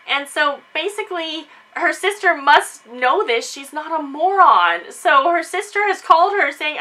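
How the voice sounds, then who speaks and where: A woman chatting casually in a book discussion vlog, animated and quick to act out quotes. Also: sits high, rough recording. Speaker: book reviewer.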